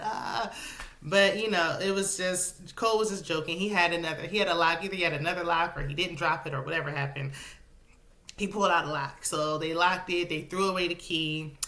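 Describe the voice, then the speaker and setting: A woman's voice: fairly low pitch, fairly quick. A woman, casually recapping a reality show in a sassy, chatty way. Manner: chatty, sassy, animated with dialect speech.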